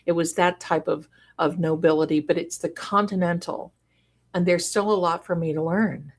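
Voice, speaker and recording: A woman hosting a casual livestream, reading viewer comments aloud and gushing over them with sudden excited exclamations. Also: on the low side, moderate pace. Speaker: livestream host and card reader.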